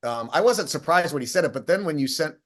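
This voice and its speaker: A man's voice: a little high, animated, fast, a bit bright. A man co-hosting a casual chat, telling stories in a rambling way with many restarts. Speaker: co-host.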